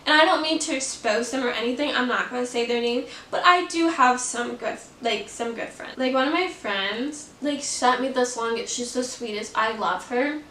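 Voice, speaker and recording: A woman's voice: fairly high pitch, normal speed, few pauses, pushed and bright, reverberant, distant mic, slight background noise, poor audio. A young woman vlogging about her own story, fervent and passionate, with lots of "like" fillers. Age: young adult. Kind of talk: personal storytelling vlog.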